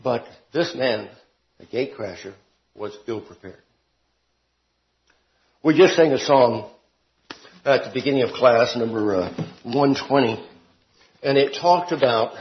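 A man teaching a Bible class. He talks expressively, rising to emphatic peaks and dropping to quiet asides. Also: medium pitch, slow pace, long pauses. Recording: dull lo-fi classroom recording.

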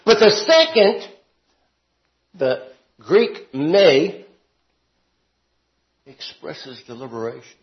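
A man teaching a Bible class. He talks expressively, rising to emphatic peaks and dropping to quiet asides. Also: on the high side, big pitch swings, slow, long pauses. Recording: dull lo-fi classroom recording.

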